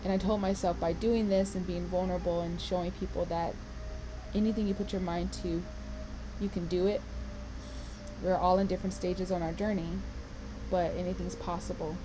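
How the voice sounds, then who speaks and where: A woman's voice: lowish voice, little pitch movement, normal speed, noisy background. A woman giving a passionate, emotional motivational talk, holding back tears and swearing for emphasis. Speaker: vlogger and tour organizer.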